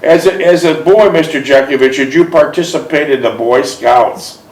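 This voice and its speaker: A man hosting the show, reading a memoir aloud in a steady voice and asking an older guest friendly, prompting questions. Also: on the high side, normal speed. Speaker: interviewer and host. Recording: roomy, distant mic.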